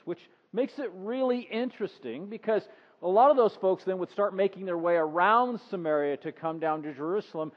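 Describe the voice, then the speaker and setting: Fairly high-voiced male preacher. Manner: conversational, acts out the scene in voices. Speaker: pastor. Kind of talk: sermon. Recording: dull sound with long reverb.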